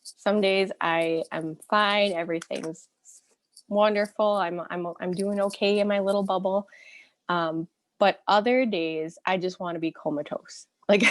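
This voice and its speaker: A woman in her thirties shares a personal church message over a video call, talking candidly and conversationally. She laughs easily between phrases, in a middle-pitched voice. The sound is dry and close, with no room echo. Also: slow pace. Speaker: lay speaker giving a church message. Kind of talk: personal testimony sermon.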